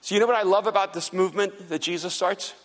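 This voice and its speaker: A man preaching a sermon as pastor, telling stories with animation and turning soft and earnest for his appeals. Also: fast. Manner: animated storytelling, acts out quoted people in a higher voice. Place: large church hall. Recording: long hall reverb.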